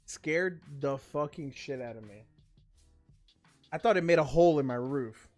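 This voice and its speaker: A man's voice: fairly high pitch, moderate pace, a little mellow, soft background music. Profane ranting male livestream host. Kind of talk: casual livestream chat.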